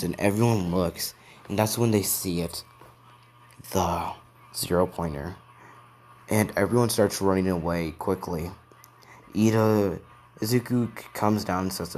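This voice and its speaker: Low-voiced man telling a rambling story. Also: a little mellow, a little hiss or hum. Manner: rambling, with restarts. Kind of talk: improvised fan story narration.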